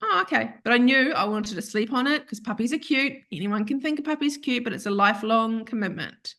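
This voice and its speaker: A woman, telling a personal story in a chatty, animated way as an interview guest, acting out the voices of others and laughing often. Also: a little high, fairly quick. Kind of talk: casual storytelling.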